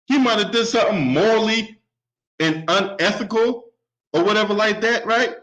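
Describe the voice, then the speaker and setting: In a low-quality recording, a high-voiced man delivers an angry solo sports commentary rant at a moderate pace, his anger steady and heated throughout. He swears freely and keeps driving his point home with a sharp "right?".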